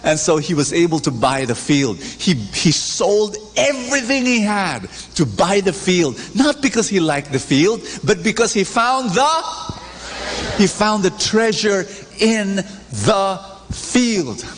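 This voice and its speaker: A man delivers an animated sermon, leaping up and down in pitch as he acts out each character in his stories. His voice sits fairly high for a man and rings through a large church with a long reverb tail. A faint hum of noise runs underneath. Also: slow. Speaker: preacher. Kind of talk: lively sermon with audience call-and-response.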